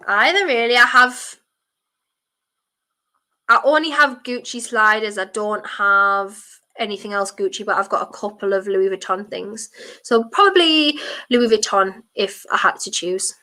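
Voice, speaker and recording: A woman's voice: mid-range voice, measured pace, long pauses, pushed and bright. A young woman from Durham with a toned-down North East English accent, chatting casually on a football watchalong stream, reading viewer comments and answering bluntly with some mild swearing. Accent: mixed North East English, toned down. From Durham, England.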